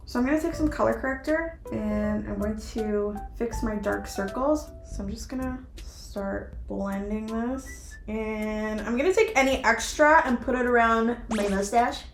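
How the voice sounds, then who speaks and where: A woman's voice: a little high, measured pace, hardly any pauses, slight background noise. A young woman vlogger chatting playfully through a makeup tutorial, with self-mocking asides. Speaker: beauty vlogger. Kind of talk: casual makeup tutorial chat. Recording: echoey room with background music.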